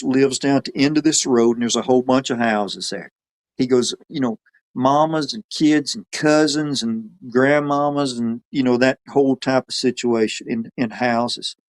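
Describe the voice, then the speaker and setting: Casting: man, mid pitch, folksy rambling storyteller. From Alabama. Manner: folksy, rambling, quotes others in his own voice. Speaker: podcast guest telling a story. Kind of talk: casual storytelling.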